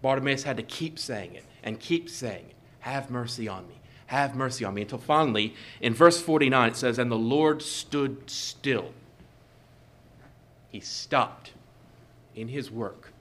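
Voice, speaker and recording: Measured male preacher stressing repeated phrases. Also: medium pitch, fairly bright tone. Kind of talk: sermon.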